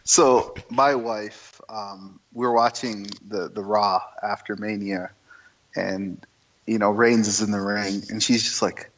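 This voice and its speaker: A man's voice: on the low side, steady tone, a little slow, fairly bright tone, low-quality recording. A man co-hosting a podcast in casual, teasing chat.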